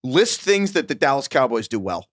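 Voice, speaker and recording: A man's voice: mid-range voice, big pitch swings, moderate pace, fairly bright tone, no room sound, studio quality. Joking man co-hosting a sports podcast. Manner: jokey, riffing, frequent restarts. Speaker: podcast co-host. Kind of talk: casual sports podcast chat.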